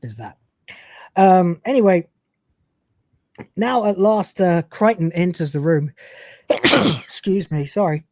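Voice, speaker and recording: A man's voice: sits high, lively intonation, slow, pauses often, darkish tone, no echo. A man hosting a podcast, recapping a TV episode in a chatty, rambling way and laughing often. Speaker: podcast host.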